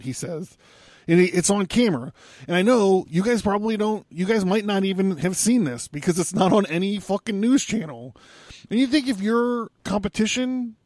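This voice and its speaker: A man's voice: on the high side, a little mellow, no echo, clean studio sound. A man hosting a casual podcast monologue, rambling and sarcastic, swearing often. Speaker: podcast host.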